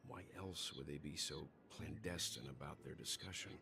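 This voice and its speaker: A male voice actor playing a calm, composed character in a video game. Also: extremely low pitch, normal speed, creaky, background noise. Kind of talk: game voice acting.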